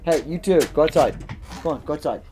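Excitable forties guy streaming a race game, kinda high voice, faint hiss behind. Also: quick pace. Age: 40s. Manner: excitable, joking, reads chat aloud. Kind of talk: casual chat while racing.

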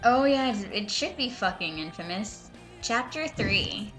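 Sarcastic woman reader with a sharp, bright voice who keeps interrupting herself with profane jabs. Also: medium pitch, lively intonation, a little slow, soft background music. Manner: sarcastic, profane, exasperated asides. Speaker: reader and commentator. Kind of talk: reading a fanfiction aloud with mocking commentary.

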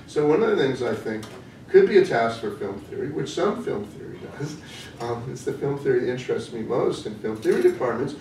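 A man giving an academic lecture, thoughtful and hesitant, often pausing with "um" as he works through his ideas. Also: fairly high pitch, darkish tone. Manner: thoughtful, hesitant with frequent ums. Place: lecture room. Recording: echoey room from a distance with faint noise.

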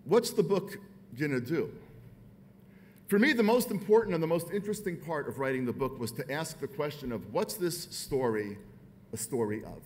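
A man's voice: fairly high pitch, animated, moderate pace, darkish tone, slight background noise. Emphatic American man giving a speech. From United States. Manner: emphatic, rhetorical repetition. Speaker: author giving a dinner speech. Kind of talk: speech to a live audience.

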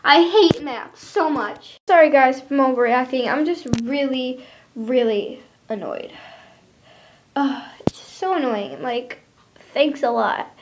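A woman's voice: high-pitched, unhurried, slight background noise. A teenage girl ranting casually to her viewers, exasperated and rambling, with lots of fillers. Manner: exasperated, rambling with many likes. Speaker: vlogger.

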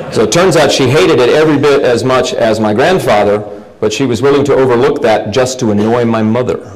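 A man's voice: medium pitch, a little fast, few pauses, a little mellow, low-quality recording. A middle-aged man from the United States giving a lecture, telling family anecdotes with wry humor and frequent restarts. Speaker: guest lecturer.

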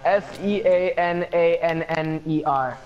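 A man's voice: a little high, takes it slowly, a little mellow, highs cut off, soft background music. A man chatting playfully and laughing while gaming online, often tripping over his words. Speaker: gamer in party chat. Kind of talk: casual gaming chat.

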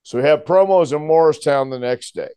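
A man's voice: fairly high pitch, brisk, clear, resonant tone, dry recording. A man in his sixties, a guest telling a long story in conversation and acting out the other people's voices. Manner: animated storyteller who acts out voices.

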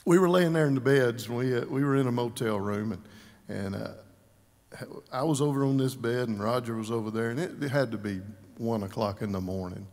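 A man giving an informal eulogy, telling folksy stories with chuckles and throat-clearing. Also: mid-range voice, fairly quick, a little mellow. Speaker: memorial service speaker. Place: large church sanctuary. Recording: long church reverb.

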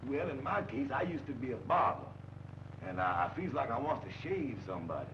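An actor playing a slow, deadpan roommate who sleepwalks, in a 1940s film comedy. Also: male voice, mid-range voice, close to an everyday voice. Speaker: comic film character. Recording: dull old film soundtrack with faint hiss.

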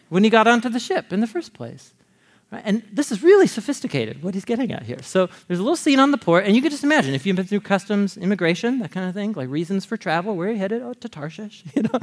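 A man delivers an animated sermon with a fairly high voice that swoops up and down. He keeps it jokey and conversational and speaks straight to his listeners. He often breaks into a chuckle as he teaches. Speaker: Bible teacher.

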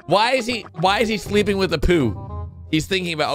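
A man hosting a reaction video, commenting excitedly with sudden high yelps and constant exclamations. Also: a little fast, soft background music.

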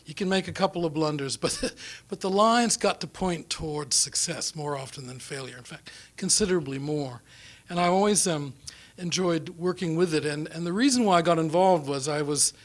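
A middle-aged New Zealand man with a New Zealand accent speaks at a normal pace in a slightly high voice. He's the guest speaker at an after-dinner foreign policy talk in a lecture room or dinner venue, rambling through self-deprecating anecdotes.

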